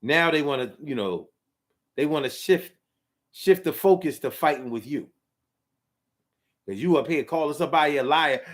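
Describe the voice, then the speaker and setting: A man with a fairly high voice gives a casual monologue straight to his audience. He talks emphatically and loops back over the same phrases to drive each point home. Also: lively intonation, moderate pace, long pauses. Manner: emphatic, repeats phrases for effect. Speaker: vlogger.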